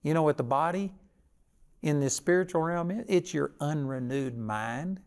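A man's voice: fairly high pitch, normal speed, a little mellow. An older man preaching a sermon with folksy stories and a plain, conversational delivery.

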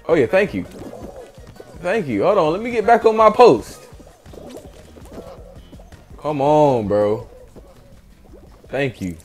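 A young man with a slightly high voice runs a gaming channel, delivering hyped let's-play commentary. He trash-talks and chants catchphrases as he plays.

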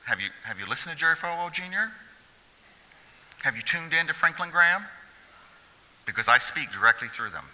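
A man preaching a sermon as pastor, swinging from hushed asides to loud, excited preaching. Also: a little high, a little fast, pauses often. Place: church hall. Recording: long hall reverb.

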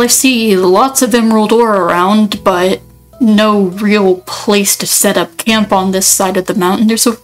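A woman's voice: mid-range voice, poor audio. A woman giving casual gameplay commentary, rambling and thinking aloud, often cutting herself off mid-sentence. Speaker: let's player.

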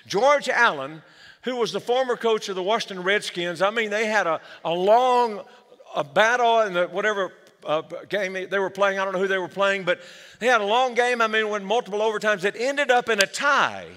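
A man's voice: high-pitched, normal speed, pushed and bright. A man preaching a sermon as pastor, with energy, calling the church for amens. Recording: long hall reverb.

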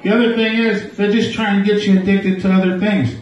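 Guy doing crude standup in a little bar, kinda high voice, echoey and far off. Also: flat delivery, fairly quick, a little mellow, lo-fi sound. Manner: crude, riffing with the crowd. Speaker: stand-up comedian. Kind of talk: live stand-up set. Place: small bar. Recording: echoey bar, mic heard from afar.

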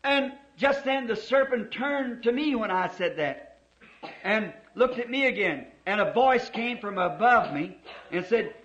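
Man, middle-aged, preacher, high voice, fervent storytelling sermon, drawn-out emphasis, muffled old tape. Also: lively intonation, a bit bright. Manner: fervent, dramatic, slows down to stress words.

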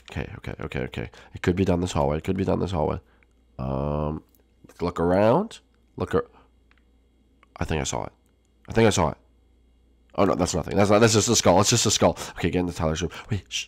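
A man voicing a jumpy young male turtle prince in a game video role-play, swinging between hushed whispers and sudden shouts. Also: low voice, vocal fry, dry recording, clean studio sound.

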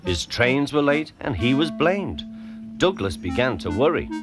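Storybook narrator, a man, slow and richly expressive. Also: mid-range voice, music in the background.

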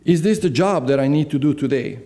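Man preaching, mellow higher voice. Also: animated, fairly quick. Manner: asks the congregation rhetorical questions; answers his own questions. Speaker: pastor. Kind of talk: sermon. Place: church.

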